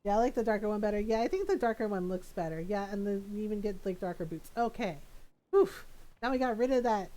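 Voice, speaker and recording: A woman's voice: medium pitch, dark tone. A woman streaming a video game, chatting casually and thinking aloud, laughing often. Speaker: gaming streamer. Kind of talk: casual live-stream chat.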